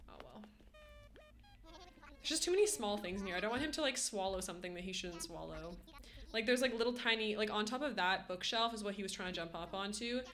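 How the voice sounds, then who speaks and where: A woman's voice: mid-range voice, a bit bright. Chatty young woman streamer cooing. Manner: chatty, coos at her cat in baby talk. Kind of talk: casual live-stream chat.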